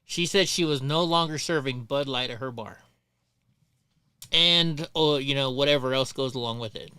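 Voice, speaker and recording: Middle-aged male stream host: rambling, profane storyteller, bright crisp tone, dry close sound. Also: mid-range voice, normal speed, no room sound. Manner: rambling, profane, many restarts. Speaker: livestream host. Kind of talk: casual storytelling on a livestream.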